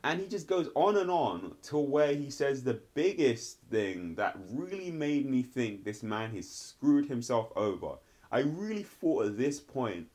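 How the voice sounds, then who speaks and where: A slightly mellow mid-range voice belongs to a man rambling through a casual review of a TV episode. "Like" and "sort of" come up constantly.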